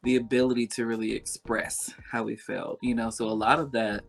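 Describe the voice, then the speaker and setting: A man hosting a podcast conversation, reflective and measured as he asks questions. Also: mid-range voice, level tone, gravelly. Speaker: podcast host. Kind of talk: casual interview conversation.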